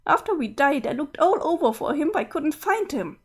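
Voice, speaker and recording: A woman's voice: high voice, big pitch swings, fairly quick. A woman playing a wailing, heartbroken girl ghost. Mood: mournful. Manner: wailing "boo hoo" sobs, pleading. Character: sobbing, grief-stricken young girl ghost. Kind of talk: dramatic reading of a webcomic.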